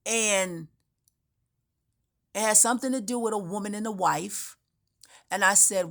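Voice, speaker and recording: A woman's voice: medium pitch, moderate pace, gravelly, long pauses, fairly bright tone. A woman giving an unscripted spiritual monologue, telling her story in a meandering, emphatic way with frequent restarts. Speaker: spiritual speaker.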